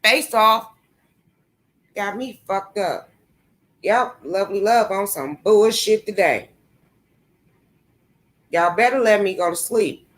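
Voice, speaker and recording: A woman's voice: medium pitch, takes it slowly, long pauses. A young woman vlogging a confrontational, profane rant, taunting and cursing at someone she calls out. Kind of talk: angry profane rant to camera.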